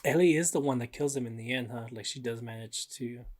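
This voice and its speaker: A podcast co-host with a mid-range voice talks briskly. It's a laid-back, rambling casual chat, full of fillers and swearing.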